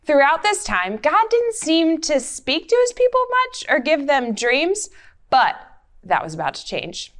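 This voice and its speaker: A woman's voice: high-pitched, huge pitch swings, measured pace, a bit bright. A woman leading an interactive Bible story for children, playfully coaxing them to join in. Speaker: children's Bible lesson leader.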